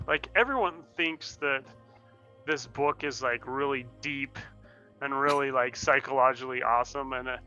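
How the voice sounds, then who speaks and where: A man's voice: medium pitch, normal speed, bright, forceful tone, highs cut off, soft background music. A man co-hosting a casual film podcast, candid and opinionated, chuckling as he makes his points. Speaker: podcast co-host. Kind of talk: casual movie discussion.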